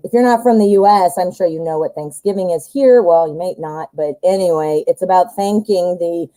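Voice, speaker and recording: A woman's voice: medium pitch, mellow, poor audio. A woman from the United States giving a casual live tarot reading, rambling and chatty, calling viewers hun and honey. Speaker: tarot reader.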